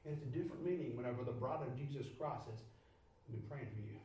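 A man preaching a sermon, moving from loud pleading prayer down to low, quiet speech. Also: quick pace, heavy reverb, distant mic, poor audio.

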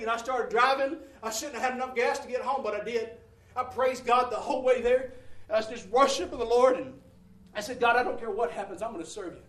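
Fervent high-voiced man testifying. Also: fast. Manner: fervent, swings from hushed to shouting. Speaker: church member giving testimony. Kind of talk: preached testimony. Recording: echoey room, mic at a distance.

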